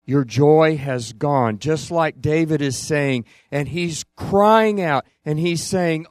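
Slow earnest preacher guy, drawn-out pauses, dry close sound. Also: fairly high pitch, a little mellow, no room sound. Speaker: pastor. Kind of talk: sermon.

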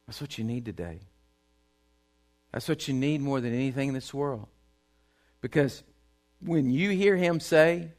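A man preaching a sermon, swinging between loud bursts and hushed, quiet stretches. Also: mid-range voice, animated, a little slow, pauses often. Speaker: pastor.

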